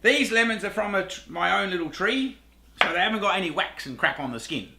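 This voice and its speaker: Rambling Australian man, bright lively voice. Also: high voice, brisk, vocal fry, echoey room. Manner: laid-back, rambling, swears casually, laughs at himself. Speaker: cooking show host. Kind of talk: casual cooking talk to camera.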